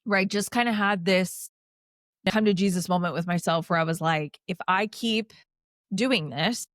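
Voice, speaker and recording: A woman's voice: lowish voice, normal speed, no room sound, studio quality. A woman in her thirties, a podcast guest, telling her story in a casual, chatty way, peppering her speech with "like" and dropping in sarcastic asides. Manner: chatty, heavy use of "like", animated with sarcastic asides.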